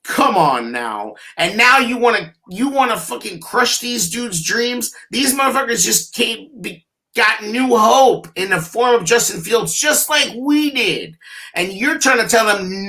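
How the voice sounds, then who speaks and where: A man talking sports with friends in loose, profane banter. His pitch swoops widely as he mimics players, and his tone stays bright and forward. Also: unhurried. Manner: profane, animated, acts out players' reactions. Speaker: podcast co-host.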